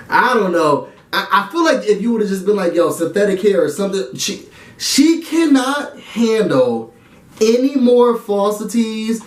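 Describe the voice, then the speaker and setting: Male reality-show reviewer with a high, lively voice, dramatic and chatty, recorded with a roomy echo. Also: takes it slowly, long pauses. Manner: animated, dramatic and slangy, talks to viewers directly. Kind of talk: casual episode recap and review.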